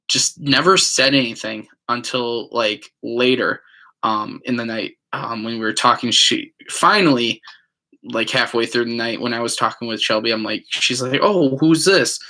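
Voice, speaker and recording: Man, bright forceful voice, casual storytelling, rambling, lots of fillers. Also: medium pitch, steady tone, unhurried. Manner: rambling, many fillers, acts out quotes. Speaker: vlogger.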